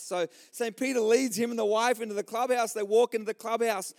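A man's voice: high-pitched, fairly quick, few pauses. A man with an Australian accent preaching a sermon in church, telling jokes and speaking straight to the congregation. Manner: jokey storytelling, lively, talks directly to the congregation. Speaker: pastor. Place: church service.

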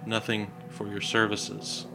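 A man voicing a towering armored male warrior who speaks low, quiet and threatening. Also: monotone, measured pace, vocal fry, music in the background. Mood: menacing.

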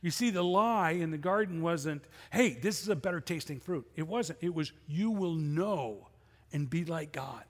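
A man's voice: a little high, lively intonation, moderate pace, big-room sound. A middle-aged man preaching a sermon as pastor, conversational and full of rhetorical questions. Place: church sanctuary.

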